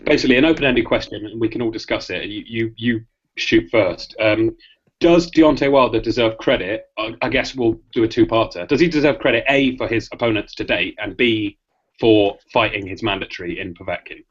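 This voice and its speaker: A man from London hosting a live podcast, chatting fast and excitably and swearing freely. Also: lowish voice, breathy edge. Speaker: podcast host. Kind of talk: casual live podcast chat about boxing. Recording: lo-fi dull audio.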